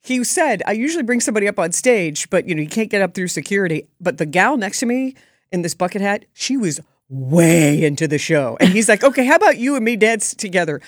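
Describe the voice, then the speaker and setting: A woman's voice: fairly low pitch, a little fast, dry recording, studio quality. Chatty, upbeat woman reporter. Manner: chatty and enthusiastic, lively quoted voices. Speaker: radio or TV reporter. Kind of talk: casual on-air recap.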